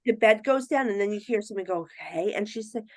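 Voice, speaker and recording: A middle-aged woman, a psychic medium guest on a podcast, telling stories in a casual, animated way, often acting out other people's voices and laughing. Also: mid-range voice, quick pace, no echo. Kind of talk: casual storytelling in a podcast interview.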